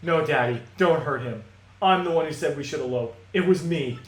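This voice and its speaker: A man's voice: fairly high pitch, moderate pace, lightly acted. A man voicing a headstrong young female Pianta, the daughter of a mob boss, in a melodramatic, pleading way. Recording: echoey room, music behind.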